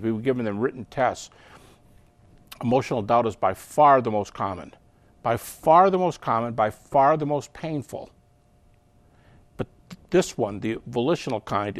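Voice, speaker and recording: Animated man explaining in a dry, close recording. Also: medium pitch, no echo. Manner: animated, acts out quoted voices. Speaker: interview guest. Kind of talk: explanatory interview talk.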